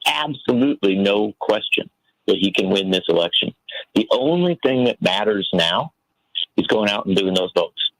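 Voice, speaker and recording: A man's voice: lowish voice, lively intonation, moderate pace, a bit bright, no room sound, poor audio. A man giving earnest, impassioned political commentary as a guest on a talk radio show, telling a story to make his point. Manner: earnest, impassioned, tells stories.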